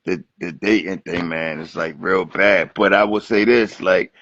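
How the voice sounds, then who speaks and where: A man from Atlantic City, talking as a guest rapper in a casual interview, telling animated, profane stories. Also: deep voice, measured pace, no room sound. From Atlantic City, New Jersey. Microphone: Instagram Live stream. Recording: lo-fi livestream audio.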